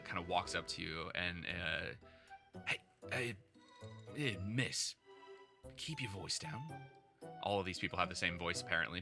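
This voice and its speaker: A man's voice: low voice, sharp tone. A man running a tabletop game as game master, narrating casually with lots of fillers. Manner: casual, chatty, with many fillers.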